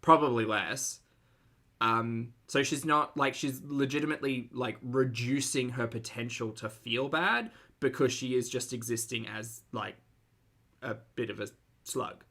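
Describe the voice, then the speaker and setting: A man talks through a live stream in a loose, blunt way, with plenty of fillers and the odd swear word. His voice is bright and forward, sitting at an ordinary middle pitch. He breaks off now and then to greet viewers and read out their questions. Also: unhurried. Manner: blunt, swearing, filler-heavy, reads viewer chat aloud. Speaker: commentary streamer. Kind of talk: casual live-stream commentary.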